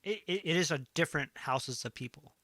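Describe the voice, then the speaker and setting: A man's voice: fairly high pitch, expressive, fairly quick, pushed and bright, dry recording. A man hosting a casual chat show, rambling with many fillers. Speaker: host.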